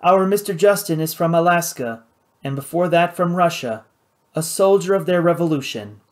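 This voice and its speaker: A man voicing an older white-bearded engineer in an audiobook, earnest and explaining, pitched up from his narration. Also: animated, normal speed, close to an everyday voice. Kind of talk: audiobook character voice.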